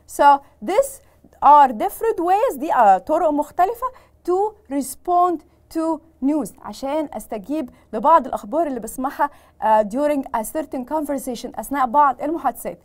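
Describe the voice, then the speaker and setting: An Egyptian woman teaching a bilingual English lesson, explaining in English and repeating each phrase in Egyptian Arabic, acting out the sample phrases with expressive emphasis. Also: high-pitched, rapid-fire.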